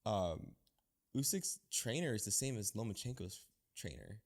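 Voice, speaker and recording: A young man from Oakland, co-hosting in casual chat, relaxed and quick to chime in with agreement. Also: lowish voice. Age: young adult. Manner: laid-back, backs up his partner with quick agreement. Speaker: podcast co-host.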